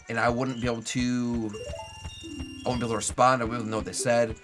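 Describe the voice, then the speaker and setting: A man's voice: medium pitch, flat delivery, fairly quick, a bit bright, faint music behind. A young adult man streaming a video game live, chatting loosely with viewers and rambling with lots of "like" fillers. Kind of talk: casual live gameplay commentary.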